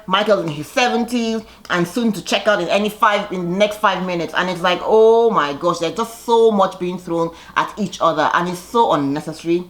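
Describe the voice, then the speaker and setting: A woman giving a casual, gossipy recap of a reality show, chatty and animated when she quotes people. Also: fairly low pitch, brisk, few pauses.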